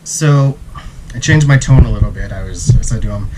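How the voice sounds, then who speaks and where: A man telling a travel story in a relaxed, casual way, acting out the quotes. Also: mid-range voice, a little fast, noisy background. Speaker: travel vlogger.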